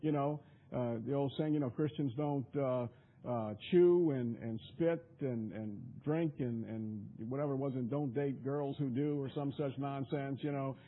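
A man's voice: medium pitch, normal speed, phone-quality sound. A man preaching a sermon in an emphatic, repetitive way, often stumbling over his restarts.

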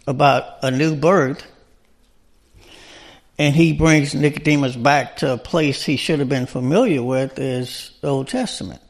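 Man, high voice, preacher, sermon, conversational, rhetorical questions. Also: gravelly.

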